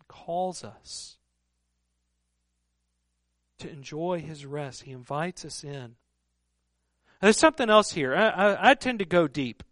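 A man preaching a sermon in an earnest, emphatic way, often dropping to a hushed voice for stress. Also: a little high, lively intonation, slow, long pauses, no room sound, clean studio sound. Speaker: pastor.

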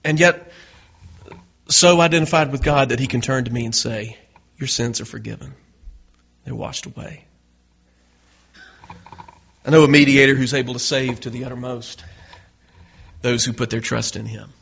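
A man's voice: medium pitch, steady tone, brisk, a bit bright, husky. A male pastor preaching a sermon in an earnest way, building to emphatic peaks. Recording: dull lo-fi recording.

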